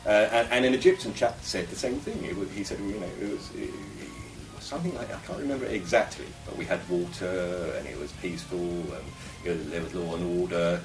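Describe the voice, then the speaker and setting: Deep-voiced man musing in a roomy space. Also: brisk, hardly any pauses, over music. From England. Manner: rambling, musing, opinionated. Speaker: vlogger. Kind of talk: casual monologue to camera. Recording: roomy echo, voice from a distance.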